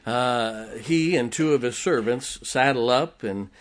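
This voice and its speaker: A man's voice: mid-range voice, a little slow. Folksy chuckling male preacher. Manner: folksy, chuckles often while storytelling. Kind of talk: sermon retelling a Bible story.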